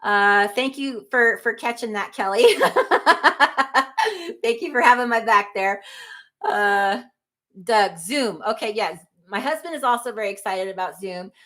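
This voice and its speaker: A middle-aged woman hosts a livestream in a bright, forceful voice that sits on the high side, with lively intonation and an unhurried pace. She chats casually, reads viewer comments, rambles, and laughs often.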